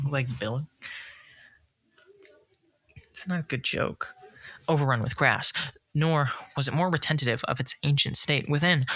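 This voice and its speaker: A man reads a story aloud, with a bright and forceful tone and a dry, close sound. He breaks off for jokey asides about his own slips. His pitch is in the middle. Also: no echo. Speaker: reader. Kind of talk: playful read-aloud of a parody classic.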